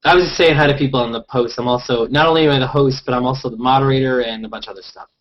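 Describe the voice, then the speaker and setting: A male host makes playful, joking banter at a mid pitch. The sound is dull and lo-fi, as on a web call. He talks easily and casually. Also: steady tone, racing. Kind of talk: casual chat. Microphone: headphones on a video call.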